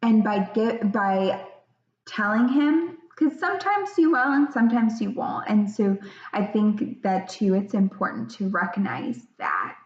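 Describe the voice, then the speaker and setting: A woman talks slowly and haltingly through a parenting lesson, full of ums and restarts. Her voice sits in a middle range, and the recording is somewhat dull and echoes around the room. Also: medium pitch, very animated. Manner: hesitant, many fillers and restarts, acts out parent quotes. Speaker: presenter explaining a parenting concept. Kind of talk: informal explanatory talk.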